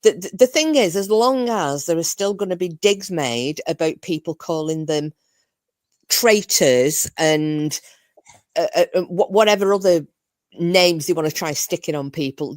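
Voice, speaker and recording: A woman chatting casually, blunt and quick to laugh, often repeating words as she starts. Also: fairly low pitch, dry recording, studio quality. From northern England. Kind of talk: casual chat.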